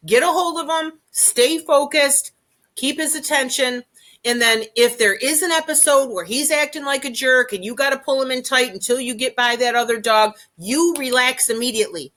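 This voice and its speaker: A woman with a bright, fairly high voice explains how to handle a dog on walks. She talks in a loose, chatty way, says key phrases twice and keeps asking "okay?" as she goes. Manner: chatty, repeats points, often tags "okay?". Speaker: dog training presenter. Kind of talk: informal instructional talk.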